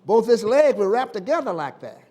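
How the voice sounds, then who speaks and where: A man preaching a sermon in a folksy, dramatic way, moving from shouts to hushed tones. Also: high-pitched, very animated, a little fast. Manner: folksy, colloquial.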